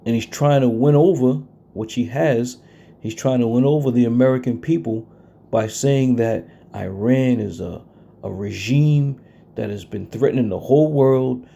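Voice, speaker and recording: A man delivers a confrontational sermon with a dark, mellow tone. He lectures his listeners bluntly and slows down to read scripture with weighty emphasis. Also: medium pitch, creaky. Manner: confrontational, blunt, reads verses slowly and stresses them. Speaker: preacher.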